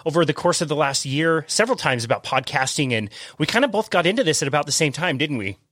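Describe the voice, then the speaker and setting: A man's voice: a little high, lively intonation, fast, fairly bright tone, no room sound, studio quality. Friendly male podcast host. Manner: friendly, laughs easily, filler "um". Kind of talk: casual interview chat.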